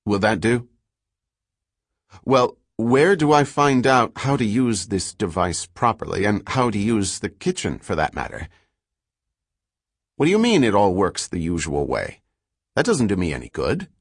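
A man's voice: lowish voice, sing-song, a little slow, long pauses, no room sound, clean studio sound, heavily acted. A man voicing an exasperated male scholar. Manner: insistent, exasperated on the device. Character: earnest male scholar, wry and persistent.

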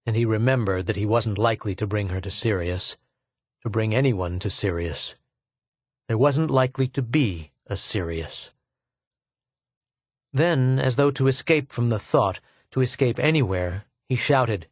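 A man reading an audiobook novel in measured, even scripted narration. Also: on the low side, no room sound.

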